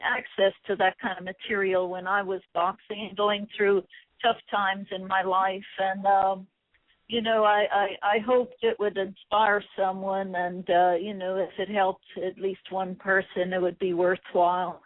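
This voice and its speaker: A middle-aged woman with an Irish accent speaks softly and hesitantly, pausing on fillers as she answers questions. Her voice sits in an ordinary middle pitch and comes through a narrow, tinny phone line. The sound is dry, with no room around it. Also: flat delivery, dry recording. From Ireland. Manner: soft-spoken, hesitant with many fillers. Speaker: guest, former boxer. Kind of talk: phone interview.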